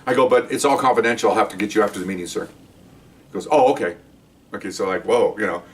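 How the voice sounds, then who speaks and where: A man's voice: on the low side, quick pace, far from the mic. Blunt older man telling cop stories. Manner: blunt, wry, acts out both sides of conversations. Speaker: retired police detective telling stories. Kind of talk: casual storytelling.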